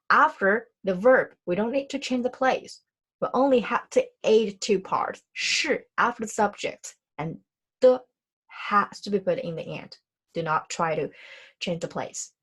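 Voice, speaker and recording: A woman's voice: medium pitch, husky. A young woman whose first language is Mandarin teaches a Chinese grammar lesson in Chinese and English, often rephrasing her points and putting questions to her learners. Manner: explanatory, repeats and rephrases, asks learners questions.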